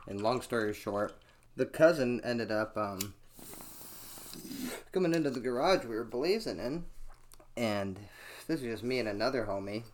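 A man's voice: medium pitch, animated, moderate pace, long pauses, slight background noise. A man hosting his own podcast from a small home room, telling rambling, profane stories full of "like" fillers, with the microphone set on a towel-covered chair. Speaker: podcast host. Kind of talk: casual solo storytelling.

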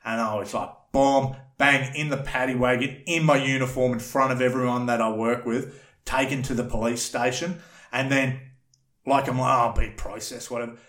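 A man telling a rambling, animated story in casual chat, swearing freely. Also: mid-range voice, moderate pace, echoey room. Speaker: podcast guest telling a story.

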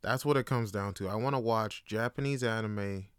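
A young man hosting a casual solo podcast, telling slangy, animated stories and laughing often. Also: on the low side, normal speed, smooth, no echo, clean studio sound. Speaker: podcast host.

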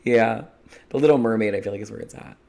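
A man's voice: lowish voice, fast talker, vocal fry, a loud crowd. A man co-hosting a podcast, chatting in a playful, joking way and laughing at himself. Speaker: podcast co-host. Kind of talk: casual podcast chat.

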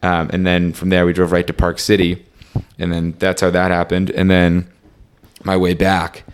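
A young man with a very low, deep voice tells a rambling road-trip story over a casual chat. He leans heavily on "like" and "um" and slips into quick reenactments of the back-and-forth. The delivery stays loose and conversational throughout. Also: completely flat delivery, smooth. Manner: rambling, fillers like "like" and "um", reenacts dialogue.

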